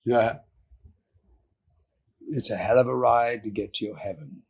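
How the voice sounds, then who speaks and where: A man speaking as a podcast guest in an earnest, soft-spoken way, often trailing off and restarting, recorded over a remote call. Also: medium pitch, unhurried, husky. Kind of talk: reflective interview talk.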